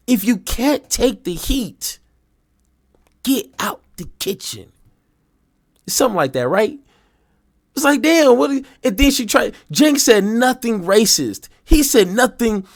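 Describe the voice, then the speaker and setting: A man's voice: very high voice, sing-song, slow, pauses often. A man hosting political reaction commentary, mocking and slangy, often saying "bro".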